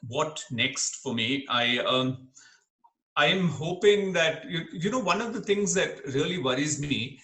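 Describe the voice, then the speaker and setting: A middle-aged man from Kerala, speaking as an interview guest in an earnest, animated way and laughing easily. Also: a little high, unhurried. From Kerala, India. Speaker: interview guest, dermatologist and comedian. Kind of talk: reflective interview talk. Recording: echoey room.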